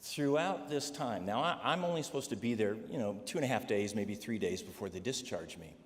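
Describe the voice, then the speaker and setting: A man's voice: on the low side, animated, a little fast. A man preaching a personal testimony, telling stories and checking in with the congregation with "all right?" asides. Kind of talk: sermon testimony. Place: church sanctuary. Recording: long hall reverb, faint noise.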